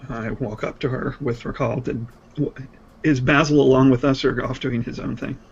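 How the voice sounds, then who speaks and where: A man playing a tabletop role-playing game, speaking slowly and haltingly with many fillers, sometimes in character. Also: steady tone, vocal fry, slightly rough. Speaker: player. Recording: dull low-fi stream audio with faint noise.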